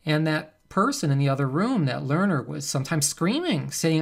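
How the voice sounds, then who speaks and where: A man, a psychology professor, giving a recorded lecture in a conversational, animated way. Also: fairly high pitch, normal speed, vocal fry. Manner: conversational, animated, acts out quoted subjects.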